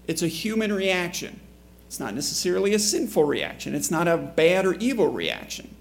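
A man's voice: high-pitched, animated, moderate pace, vocal fry. A man preaching a conversational sermon to a congregation in church, often asking the listeners questions. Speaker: pastor.

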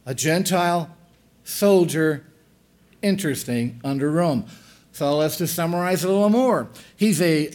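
A man preaching a sermon, asking the congregation rhetorical questions and repeating key phrases for emphasis. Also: fairly high pitch. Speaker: pastor.

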